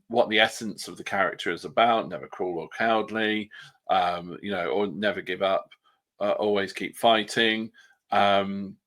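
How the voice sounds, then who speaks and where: A man's voice: fairly low pitch, fairly bright tone. A man co-hosting a casual podcast chat, opinionated and wry, sometimes mimicking other people's voices. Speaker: podcast co-host.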